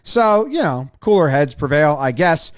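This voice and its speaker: Excitable high-voiced man breaking down baseball. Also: normal speed, clean tone. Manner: excitable, profane, acts out players' lines. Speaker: sports video commentator. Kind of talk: casual game breakdown commentary.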